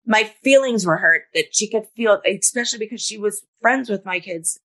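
A woman's voice: medium pitch, moderate pace, fairly bright tone. A middle-aged woman co-hosting a podcast, recapping episodes step by step in a casual chat with frequent "you know" fillers. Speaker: podcast co-host.

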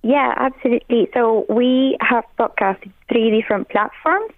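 A woman's voice: on the high side, moderate pace, no room sound. A woman speaking as a radio guest, giving helpful answers with lots of um's. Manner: helpful, many fillers. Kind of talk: interview answers. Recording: phone line.

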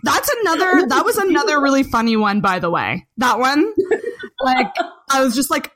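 A woman hosting a relaxed interview with a high, bright-sounding pitch. She reacts with enthusiasm, laughing and gushing over what her guest says. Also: moderate pace. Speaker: interviewer, podcast host. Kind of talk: casual interview chat.

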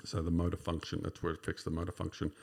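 A man in his fifties with an Australian accent and a very low voice, telling his story as a podcast guest. His voice has a rough, gravelly texture. He rambles casually and leans on "sort of" and "you know". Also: monotone, rapid-fire, darkish tone. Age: 50s.

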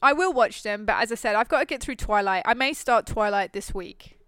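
A woman hosting a podcast in casual, animated, jokey chat. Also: fairly high pitch, a little fast, no room sound. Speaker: podcast host.

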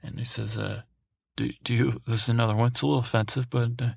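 Gravelly, monotone man rambling sleepily. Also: mid-range voice, a little fast, dry recording. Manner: meandering, digressive, lots of fillers and restarts. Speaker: podcast host. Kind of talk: rambling sleep podcast recap.

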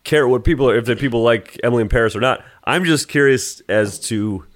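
A man's voice: mid-range voice, a little fast. A man co-hosting a casual comedy podcast, rambling with lots of hesitations. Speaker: podcast co-host.

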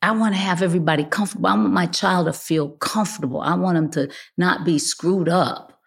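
A woman's voice: lowish voice, brisk, gravelly. Older woman telling stories with repeated emphasis. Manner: animated storyteller, repeats phrases for emphasis. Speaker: guest. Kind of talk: casual chat.

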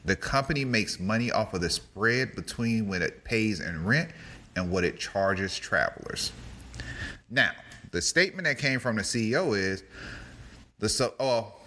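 Animated low-voiced man, casual co-host. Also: a little slow, slight background noise. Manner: animated, joking, slangy. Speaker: podcast co-host. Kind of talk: casual news chat.

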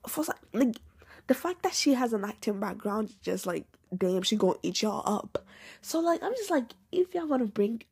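A woman talks through her podcast alone in a relaxed, chatty way, blunt and full of slang. Her voice has a husky grain. She swings from loud, lively bursts down to near-whispered asides. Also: fairly high pitch. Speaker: podcast host. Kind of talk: casual solo podcast chat.

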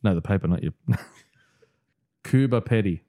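Joking Australian man with a lively voice. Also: on the low side, moderate pace, no room sound, studio quality. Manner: joking, playful, laughs often. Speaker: podcast co-host. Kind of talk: casual chat among friends.

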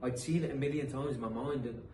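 A man's voice: mid-range voice, steady tone, quick pace, mellow. Earnest British man, distant and roomy. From England. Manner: earnest, motivational, frequent restarts. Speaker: guest, professional footballer. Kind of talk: casual interview storytelling. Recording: roomy echo, distant mic, faint noise.

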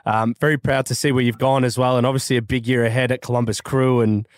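Matey podcast host, dry sound. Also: male voice, mid-range voice, little pitch movement, quick pace, no room sound. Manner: friendly, matey, calls guest "bro" and "man". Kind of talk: casual interview chat.

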